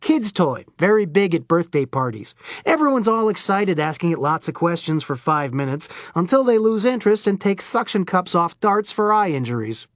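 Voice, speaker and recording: A woman's voice: lowish voice, sing-song, normal speed, few pauses, no room sound. An irreverent, rambling man with wild theatrical swings in his voice, as a woman reads him in an audiobook. He sounds close and dry, with no room around him. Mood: sardonic. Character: manic wisecracking male Florida oddball. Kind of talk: audiobook character voice.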